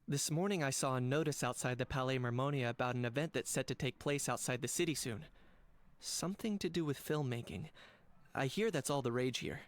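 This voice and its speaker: An actor playing a composed adult male hunter in a game, measured, polite and understated. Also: mid-range voice, close to an everyday voice. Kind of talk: game voice acting.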